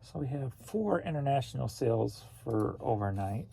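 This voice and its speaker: A man's voice: medium pitch, lively intonation, normal speed, gravelly, very noisy. A man from St. Louis, an online reseller casually narrating as he packs orders, muttering to himself while he works. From St. Louis, Missouri.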